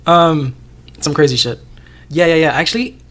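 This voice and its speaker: A man co-hosting a casual TV discussion podcast, animated and profane, laughing often and acting out characters' lines. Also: fairly high pitch, normal speed. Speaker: podcast co-host.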